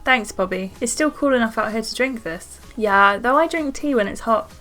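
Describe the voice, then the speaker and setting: A woman's voice: on the high side, expressive, moderate pace, sharp tone, soft background music. A woman reading a friendly young guy. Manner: casual friendly read-aloud, no accent attempted. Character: friendly young Scottish man, easygoing. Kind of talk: reading game dialogue aloud.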